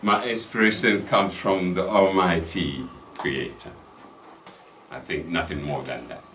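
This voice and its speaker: A man, a poet guest, speaking in a measured, expressive way. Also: low-pitched, noisy background. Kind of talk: casual chat. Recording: roomy, distant, faint ambience.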